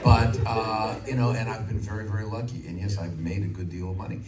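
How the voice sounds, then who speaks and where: A man in his sixties, a voice actor telling animated stories on a convention panel and slipping into character voices. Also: lowish voice, a little fast. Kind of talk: anecdotal panel storytelling. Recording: echoey hall from far off, loud crowd.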